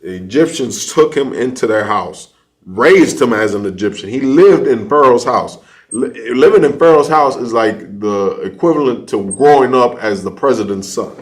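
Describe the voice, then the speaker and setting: A man leading an online class, preaching emphatically and building to loud, animated peaks. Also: mid-range voice, normal speed. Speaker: class teacher. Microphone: online class setup.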